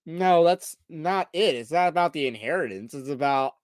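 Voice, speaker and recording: A male podcast host rebuts a clip point by point in a firm, argumentative way. His voice sits slightly high and is recorded close and dry, with no room sound. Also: lively intonation, moderate pace, dry recording. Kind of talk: critical commentary on a clip.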